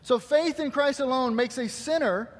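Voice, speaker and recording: Pastor guy preaching, high voice, big church echo, keeps asking the crowd questions. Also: moderate pace. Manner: preaching to a congregation, rhetorical questions, quoting scripture. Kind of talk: sermon. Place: church hall. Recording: long hall reverb.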